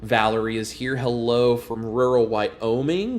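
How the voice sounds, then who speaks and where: A man's voice: lowish voice, moderate pace. A man hosting a casual livestream, greeting viewers by name in a friendly way. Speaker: livestream host.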